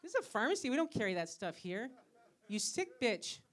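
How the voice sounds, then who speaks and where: A woman's voice: on the high side, very animated, a little fast. A woman performing a stand-up comedy set as a pharmacist on a club stage, teasing the audience with questions. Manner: teasing, asks the crowd questions.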